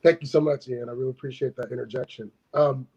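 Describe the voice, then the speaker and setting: A man guest telling a story in a relaxed way over dull, lo-fi call audio. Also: medium pitch, fast talker, husky. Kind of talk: casual comedy storytelling.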